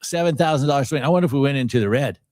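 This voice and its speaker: A man co-hosting a live trading stream, excitably calling out prices and countdowns. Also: mid-range voice, very fast, no room sound. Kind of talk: live market commentary.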